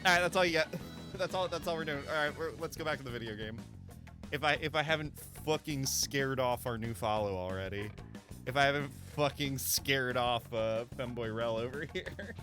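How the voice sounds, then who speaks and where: A man's voice: mid-range voice, music in the background. A man streaming a video game, chatting casually in a jokey, rambling way. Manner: jokey, rambling, quick laughs. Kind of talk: casual gameplay commentary.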